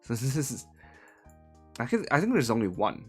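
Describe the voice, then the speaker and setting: A man's voice: medium pitch, big pitch swings, normal speed, husky, faint music behind. A man from Hong Kong translating a novel live on stream, talking casually and rambling with many fillers and self-corrections.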